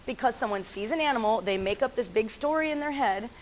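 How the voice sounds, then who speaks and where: A chatty woman telling anecdotes casually, laughing often and restarting her sentences. Her voice sits a touch high. It comes through a thin, phone-like line with faint hiss behind it. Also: expressive, fast. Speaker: animal communicator. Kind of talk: casual storytelling talk. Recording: tinny lo-fi line with faint noise.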